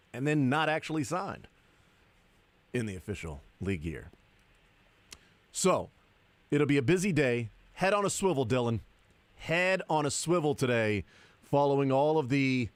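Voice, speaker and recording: A man hosts a sports talk radio show with a sarcastic, deadpan delivery. His voice sits at an ordinary middle pitch. The studio sound is close and dry, with no room echo. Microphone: studio microphone.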